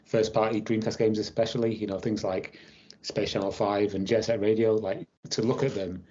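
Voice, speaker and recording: Male podcast co-host, low-pitched, rambling, lo-fi sound. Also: flat delivery, moderate pace, warm tone, a little hiss or hum. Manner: rambling, with many fillers and restarts. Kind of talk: casual chat.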